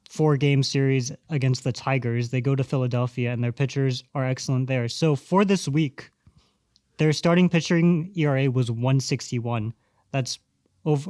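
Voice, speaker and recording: Measured man reciting baseball stats. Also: mid-range voice, darkish tone, no echo, studio quality. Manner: stat-heavy, measured. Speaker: podcast co-host. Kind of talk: casual sports chat.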